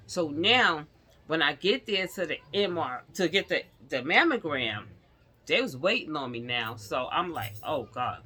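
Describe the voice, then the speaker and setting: A middle-aged woman tells her own story straight to her viewers in a vlog. Her voice is very bright and cutting, and she tells it animatedly, acting out what the other people said. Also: sits low, husky. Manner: acts out the others' lines in the story. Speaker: vlogger. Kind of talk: personal storytelling to camera.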